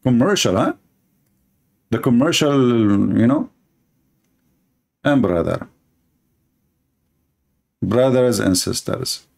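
A man's voice: medium pitch, animated, slow pace, creaky, pauses often, a little mellow, husky. A man giving mocking religious polemical commentary in a sarcastic tone. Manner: sarcastic, laughing at his own points. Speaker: religious debater.

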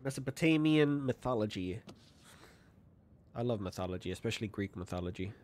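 Lowish, a little mellow, animated and fairly quick, this man's voice carries casual let's-play commentary. The gaming YouTuber plays in his small apartment at night, chatty and frequently stumbling while reading on-screen text aloud.

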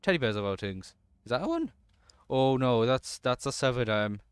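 A man narrating his own horror game playthrough, jumpy and swearing nonstop as he talks himself through it. His voice is smooth and clear, recorded close and dry with no room sound. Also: medium pitch, very animated, moderate pace, no room sound. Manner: jumpy, swears constantly, nervous self-talk. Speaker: let's play gamer.

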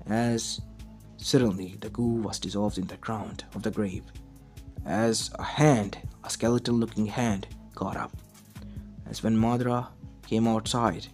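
A man's voice: on the low side, steady tone, unhurried, darkish tone, faint music behind. Man narrating a fan story. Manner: plain, run-on storytelling.

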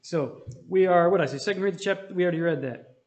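A man's voice: high-pitched, very fast, darkish tone, roomy sound. A man leading a Bible study, talking conversationally and calling on his listeners for amens. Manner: conversational, asks the room for amens. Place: church hall.

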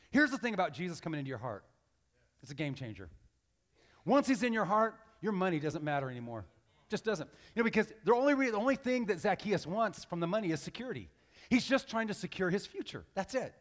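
A man giving a sermon as guest pastor, impassioned and animated, acting out the voices he quotes. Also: sits high, a little fast. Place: church sanctuary. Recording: long hall reverb.

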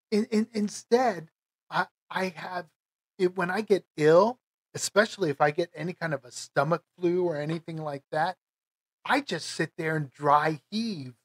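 A middle-aged American man tells a personal story to his viewers in a slow, emotional, halting way. His voice sits a bit high for a man and has a husky edge. The sound is dry and close, with no room around it. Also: no echo. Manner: emotional, halting, with many restarts. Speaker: vlogger.

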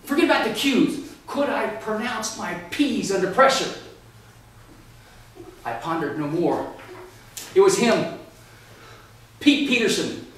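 Man from Texas, workshop speaker; theatrical, punchy alliterative delivery, unhurried, heard from afar in an echoey meeting room. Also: high-pitched, animated, a bit bright. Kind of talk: humorous contest speech and workshop talk. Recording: echoey room from far off, faint noise.

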